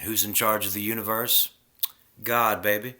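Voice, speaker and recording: A man's voice: fairly low pitch, flat delivery, normal speed, bright, forceful tone. Man ranting, heated and preachy. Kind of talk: casual spiritual rant to camera.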